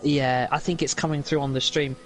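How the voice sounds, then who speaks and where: A man's voice: mid-range voice, fairly even intonation, fairly quick, a little hiss or hum, rough recording. A man co-commentating on an esports race, rambling through his analysis with many fillers; his stream audio sounds robotic.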